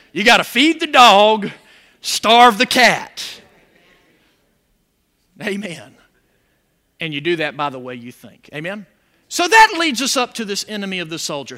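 A pastor with a high-pitched voice preaches an animated sermon, throwing call-and-response questions out to the congregation.

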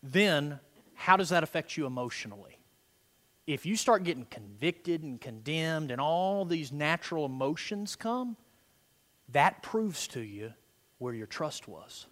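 High-pitched, animated preacher man. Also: measured pace. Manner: swings from soft murmured prayer to loud emphatic preaching. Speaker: pastor. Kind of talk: sermon. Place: church sanctuary. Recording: long hall reverb.

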